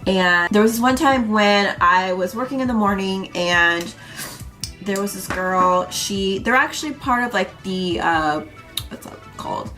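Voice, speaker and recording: A woman's voice: mid-range voice, a little slow, sharp tone, faint music behind. Congested young woman chatting through makeup. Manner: chatty, rambling, lots of fillers. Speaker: beauty vlogger. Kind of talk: casual makeup tutorial chat.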